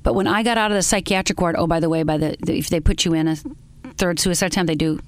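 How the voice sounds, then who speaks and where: A woman interview guest telling her personal story in an earnest, halting way, with many pauses. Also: fairly low pitch, steady tone, a little hiss or hum.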